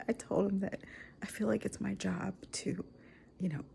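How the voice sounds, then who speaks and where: A woman in her forties speaking in a personal vlog, tearful and soft, often dropping to a whisper. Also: mid-range voice, steady tone, a little slow, gravelly. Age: 40s. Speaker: vlogger.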